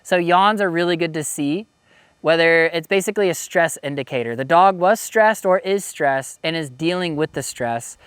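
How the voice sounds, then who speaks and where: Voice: medium pitch, normal speed, a bit bright, clean tone, no room sound. A dog trainer giving a casual instructional talk, easygoing and explanatory, often saying "you know".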